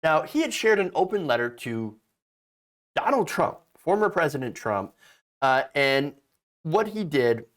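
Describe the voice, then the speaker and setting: A man's voice: fairly high pitch, big pitch swings, measured pace. A man hosting casual political commentary, sarcastic and mocking, often restarting and stammering mid-sentence.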